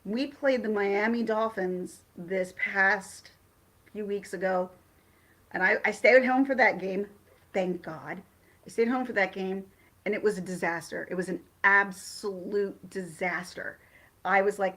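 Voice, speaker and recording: An excitable woman hosts a casual livestream and chats loosely with viewers. Her voice sits in a middle register. She rambles and restarts her sentences often as she talks. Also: mid-range voice, a little slow. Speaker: livestream host.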